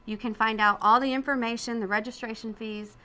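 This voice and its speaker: Bright, upbeat woman interview guest. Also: on the high side, fairly even intonation, brisk, a little hiss or hum. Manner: upbeat, agreeable, promotional. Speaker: fundraising director, guest.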